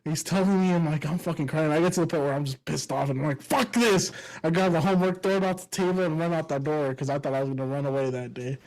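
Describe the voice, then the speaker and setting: Guy podcast host, kinda high voice, swears a lot, animated storyteller. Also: racing, few pauses, rough recording. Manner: crude, animated storytelling with frequent laughs and swearing. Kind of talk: casual chat.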